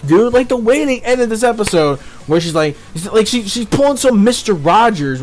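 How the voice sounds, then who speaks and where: A man giving a casual spoken review of a cartoon episode, excitable and rambling, with plenty of fillers and swearing. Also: sits high, moderate pace, hardly any pauses.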